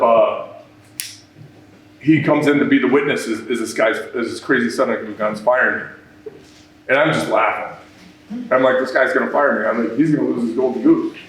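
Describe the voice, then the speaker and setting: Guy telling his business story, lots of restarts, roomy echo, a bit far from the mic, faint hiss. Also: medium pitch. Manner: rambling, animated, with many restarts. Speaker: business owner speaking at a workshop. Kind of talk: storytelling talk to an audience. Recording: echoey room, mic at a distance.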